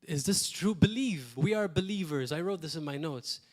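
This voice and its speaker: A man from Malta preaches as a pastor at a normal speed, his voice a little high for a man, a little mellow, and lively in intonation. His style is plain and chatty, with repeated key phrases and quick asides.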